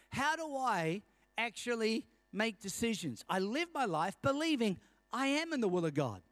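A man's voice: very high-pitched, expressive, moderate pace, fairly bright tone, no echo. A middle-aged man preaching a sermon as senior pastor, telling stories and calling for amens from the congregation.

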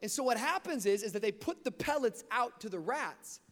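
A young man preaching a sermon, telling a story with energy and sometimes shouting. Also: very high voice, animated, a little fast. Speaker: pastor. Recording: long reverb of a large hall.

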